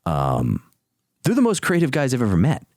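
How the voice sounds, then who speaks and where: A man's voice: medium pitch, wildly swooping pitch, normal speed, a little mellow, dry recording, studio quality. A man hosting a podcast, talking casually and joking, with slang like dude and bro. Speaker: podcast host.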